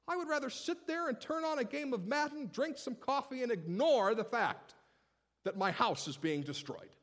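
Male pastor, conversational and funny sermon delivery, lively up-and-down voice. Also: very high voice, normal speed. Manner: animated, humorous, conversational.

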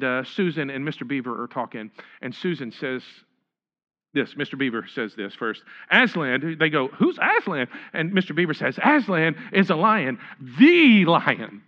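A male pastor preaches with a high, bright voice, stumbling over and repeating words as he works through the text. He gets animated and acts out the lines he quotes. The recording is a bit dull and lo-fi. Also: measured pace. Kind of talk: sermon.

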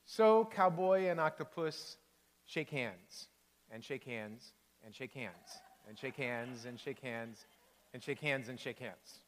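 A man, a pastor, reading a children's storybook aloud in a sermon with expressive, animated delivery. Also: medium pitch, takes it slowly, big-room sound.

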